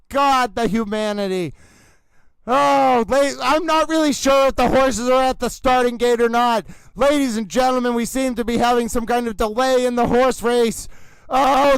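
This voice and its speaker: A man with a strikingly high, smooth voice hosts a comedic livestream. He talks like a melodramatic horse-race announcer, swooping into theatrical exclamations. The sound is close and dry. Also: fairly bright tone, dry recording, rough recording. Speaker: livestream trial commentator.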